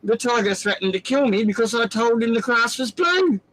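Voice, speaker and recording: A man voicing a stubborn, dim-witted male donkey in a spoken fable, flatly contradicting. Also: very high voice, normal speed, voice pushed up, poor audio. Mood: complaining.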